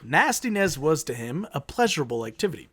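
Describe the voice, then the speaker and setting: Lively man reading a spooky story. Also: on the high side, brisk, breathy edge. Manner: stumbles over words while reading, swears, laughs. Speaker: podcast host. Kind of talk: casual chat, reading stories aloud.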